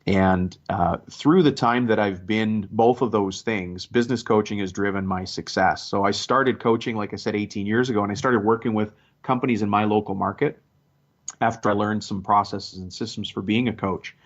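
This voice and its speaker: A man in his forties speaks as a podcast guest and tells his story in a loose, chatty way with small restarts. His voice sits a bit low. The sound is muffled and lo-fi. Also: steady tone, normal speed. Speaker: guest business coach. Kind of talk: podcast interview. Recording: dull lo-fi sound.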